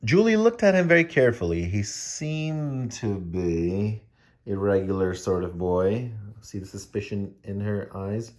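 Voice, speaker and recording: Animated man reading a kids' book. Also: on the low side, measured pace. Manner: animated, joking asides to kids. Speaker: children's story reader. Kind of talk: reading a picture book aloud with playful asides.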